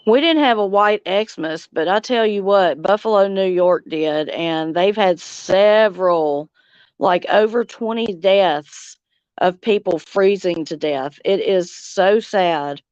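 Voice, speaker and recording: A middle-aged woman from Louisiana with a Southern accent, chatting casually on a livestream and reading comments, slow and drawling, laughing often. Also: mid-range voice, darkish tone, smooth, no room sound, dull audio. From Louisiana, United States. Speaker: livestream host. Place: outdoors on a front porch swing.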